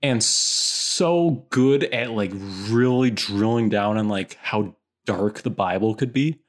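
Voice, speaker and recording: A woman co-hosting a podcast, retelling a film in a wry, drawn-out casual way. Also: a bass voice. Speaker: podcast co-host. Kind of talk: casual chat.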